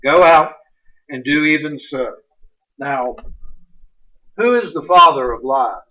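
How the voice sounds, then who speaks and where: A man preaching a sermon, animated and folksy, reading scripture aloud with sudden bursts of emphasis. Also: fairly high pitch, slow pace. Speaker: pastor. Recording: distant, muffled livestream audio.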